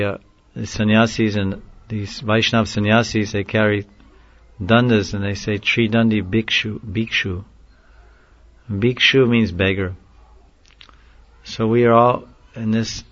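A man delivers a devotional lecture in an earnest, unhurried way that turns pleading at moments. His voice sits low. The recording is dull and lo-fi. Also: flat delivery. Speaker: preacher.

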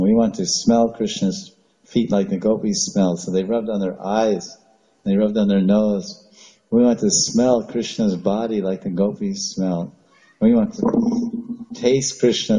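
Male preacher, low and very mellow, giving a meandering scripture class with Sanskrit names. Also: low-quality recording. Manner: rambling with restarts, chanting Sanskrit names. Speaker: Vaishnava preacher.

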